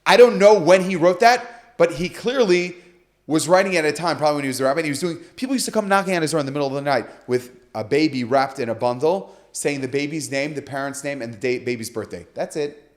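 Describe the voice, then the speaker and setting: A man's voice: on the high side, fast. A man on a podcast, telling a story with animation and acting out the quoted dialogue. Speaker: guest speaker.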